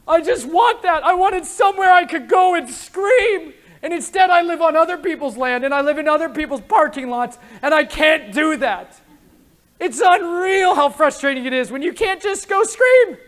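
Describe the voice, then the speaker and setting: A man's voice: extremely high pitch, expressive, normal speed, fairly bright tone. A man preaching a conference sermon, impassioned and emotional, mixing casual slang into his preaching. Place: conference hall.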